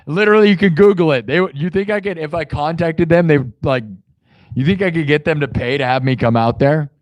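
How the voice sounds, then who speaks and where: A young man from Iowa chatting casually on his live stream, excitable and boastful, rambling with many restarts. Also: fairly high pitch, fairly quick, no echo. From Iowa, US Midwest.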